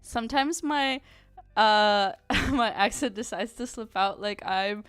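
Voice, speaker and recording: A woman's voice: mid-range voice, takes it slowly, a bit bright, clean tone, no echo, faint music behind. A woman streamer chatting casually and reading chat aloud, giggling often and using lots of fillers. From Ukraine.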